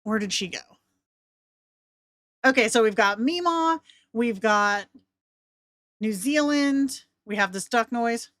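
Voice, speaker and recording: A woman's voice: fairly high pitch, lively intonation, takes it slowly, pauses often, fairly bright tone, no room sound. Woman, casual tutorial host, chatty, rambling, dry close sound. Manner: chatty, rambling, laughs often. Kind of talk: casual screen-share tutorial.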